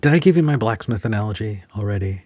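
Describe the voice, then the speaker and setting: A man's voice: lowish voice, lively intonation, fast, mellow, no echo. A man hosting a podcast, talking reflectively and searching for words with frequent restarts. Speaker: podcast host. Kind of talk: casual conversation.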